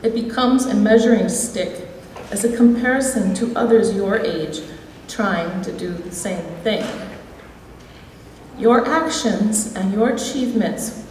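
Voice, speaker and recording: A woman's voice: mid-range voice, a little slow, recorded from a distance, slight background noise. Midwestern woman speaking in an echoey hall. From Wisconsin, USA. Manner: reflective, anecdotal, gently humorous. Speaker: alumni hall of fame inductee. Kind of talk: prepared award speech. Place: large school hall.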